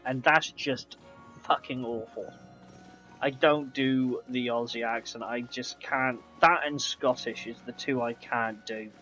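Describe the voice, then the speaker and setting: A man's voice: medium pitch, fairly even intonation, unhurried, sharp tone. Chatty man rambling over gameplay. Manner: chatty, rambling, answers chat aloud. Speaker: game streamer. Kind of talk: casual gameplay commentary. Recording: slightly dull, faint background music.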